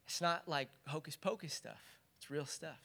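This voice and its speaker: A man's voice: on the high side, normal speed, creaky, sharp tone. A man preaching a sermon as pastor, earnest and building into fervent exhortation.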